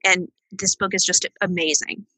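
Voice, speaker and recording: Bright, husky woman gushing casually. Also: fairly low pitch, steady tone, normal speed, no echo, rough recording. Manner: enthusiastic, plain-spoken. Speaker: podcast guest. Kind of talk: casual chat.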